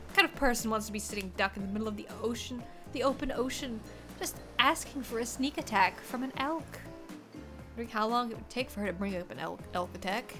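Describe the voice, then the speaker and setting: A woman's voice: fairly high pitch, lightly acted. A woman doing a bubbly, sinister huntress. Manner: bubbly with a menacing edge. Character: cheerful, sinister huntress, a big kid.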